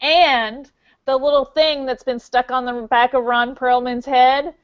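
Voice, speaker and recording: A woman's voice: sits high, flat delivery, unhurried, clean tone, no echo. A woman co-hosting a podcast, recapping a film plot in casual chat with lots of fillers. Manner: rambling plot summary with many fillers. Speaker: podcast co-host. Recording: dull lo-fi podcast audio.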